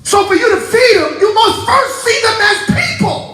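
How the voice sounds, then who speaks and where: A male pastor preaching a sermon to his congregation, animated and laughing often as he talks. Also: very high-pitched, normal speed, reverberant, poor audio. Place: church sanctuary.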